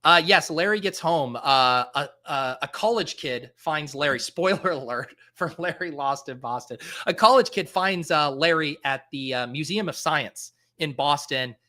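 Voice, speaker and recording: A man's voice: fairly high pitch, normal speed, few pauses, pushed and bright. A man in his thirties hosting a live stream in casual chat, thinking aloud with lots of fillers and restarts. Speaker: fantasy football podcast host.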